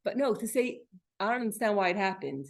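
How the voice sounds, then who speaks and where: A woman teaching a Torah class in a casual, animated way, telling personal stories and often restarting her phrases. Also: medium pitch, fast.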